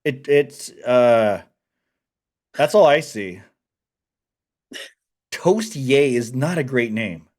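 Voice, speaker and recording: A man co-hosting a live stream, chatting in a relaxed, rambling, joking way. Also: mid-range voice, drawn-out words, pauses often. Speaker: stream co-host. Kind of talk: casual chat.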